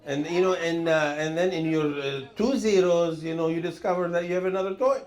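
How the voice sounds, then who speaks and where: A man in his sixties, hosting and telling rambling stand-up comedy stories, jumping to a higher voice for quoted lines. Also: fairly quick. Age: 60s. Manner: rambling, animated, jumps up high for acted quotes. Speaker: comedian host. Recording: roomy echo.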